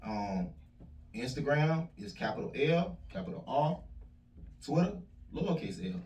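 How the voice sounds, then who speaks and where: A man's voice: on the high side, big pitch swings, unhurried. Young man, casual storyteller, distant roomy mic. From Southwest Georgia, US. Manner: loose, storytelling, profane slang. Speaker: guest musician. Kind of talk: casual podcast chat. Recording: roomy distant mic, dull, loud music.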